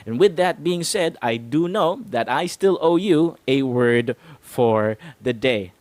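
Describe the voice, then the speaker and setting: A man's voice: mid-range voice, lively intonation, slow pace, darkish tone, no room sound. A man hosting an explainer talk, chatty and laughing between points, with a sing-song stress on some words. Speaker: host. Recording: music playing under the voice. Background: hip hop music.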